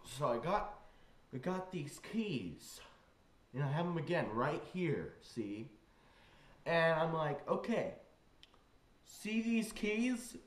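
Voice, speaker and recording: A man's voice: fairly high pitch, lively intonation, slow pace, pauses often. A young man casually telling a rambling story, full of fillers, acting out the voices in it. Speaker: vlogger. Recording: roomy echo.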